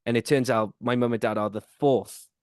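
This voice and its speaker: A man's voice: medium pitch, steady tone, moderate pace, darkish tone, clear, resonant tone, dry recording, clean studio sound. A male podcast host, telling a rambling story in a casual chat, full of fillers.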